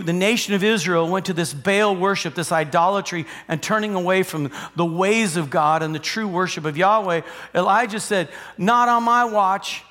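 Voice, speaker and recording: A man's voice: high-pitched, a bit bright. A male pastor preaching a sermon in a large church, telling the story animatedly and acting out the quotes. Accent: American. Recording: live church hall with long reverb.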